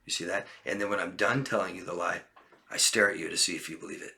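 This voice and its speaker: A man's voice: low voice, quick pace, vocal fry, bright, forceful tone. A man coaching on body language in a casual talk to camera, acting out short lines from liars to show them. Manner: demonstrative, acts out liars' lines in a raised voice.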